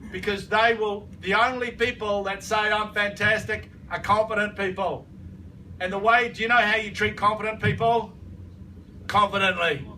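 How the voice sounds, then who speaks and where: A man with a high, bright, forceful voice gives a motivational business training talk to a live audience, keeping a steady tone at normal speed. He speaks emphatically, repeats his points and keeps asking the room to agree, all picked up by a distant mic in a noisy room.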